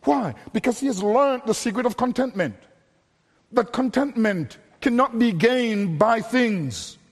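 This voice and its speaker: A male preacher with a high-pitched voice delivers an emphatic sermon, circling back and repeating words to drive his points home. His voice rings out with a long reverb, as in a large hall. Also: lively intonation, measured pace, husky.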